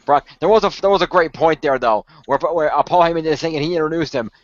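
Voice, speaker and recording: A man's voice: on the high side, fast talker, no room sound. A man co-hosting a casual wrestling recap, rambling with lots of fillers. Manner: rambling, many fillers, chanting catchphrases. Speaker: podcast co-host. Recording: dull dry lo-fi audio.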